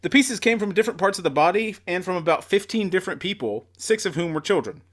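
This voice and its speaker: A man's voice: sits high, expressive, quick pace. A man hosting a trivia round, reading questions with dry offhand jokes. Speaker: quiz host.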